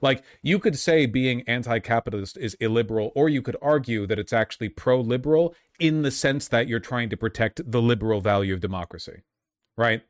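A man talks through a debate clip in loose, rambling commentary, packed with "like"s and dry sarcasm. His voice sits at a middle pitch and sounds close and dry, with no room around it. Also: brisk, no echo. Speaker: streamer reacting to a debate clip. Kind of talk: casual commentary.

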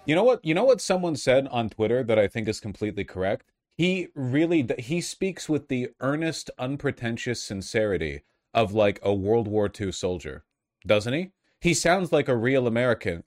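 Guy doing casual sarcastic commentary, lots of uh and you know, middle pitch. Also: animated, normal speed. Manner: rambling, sarcastic, many fillers and restarts. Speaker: online commentator.

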